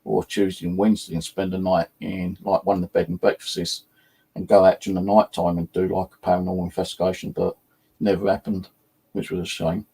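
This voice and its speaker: On his own channel, a host chats casually and rambles through ghost stories, swearing freely and leaning on "like" and "you know." He has a low-pitched, dark-toned voice that's slightly rough.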